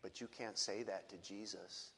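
A man preaching a sermon in a slow, deliberate way, often dropping to a low soft voice. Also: fairly even intonation, vocal fry, big-room sound, a little hiss or hum.

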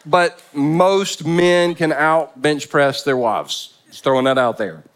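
A male pastor delivering a sermon with humor and emphasis. He repeats phrases to drive points home, and his voice sits a little higher than most men's. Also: slow.

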